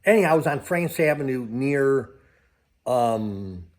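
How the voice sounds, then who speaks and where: An older crypto vlogger addresses his viewers in a casual travel vlog, his mid-range voice expressive, measured and somewhat dark. He rambles and keeps losing his train of thought.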